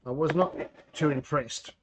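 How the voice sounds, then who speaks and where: This Australian man hosts a home brewing livestream, talking to himself and reading out chat as he works. His voice is fairly high and unhurried, with a little hiss or hum over the slightly dull lo-fi recording.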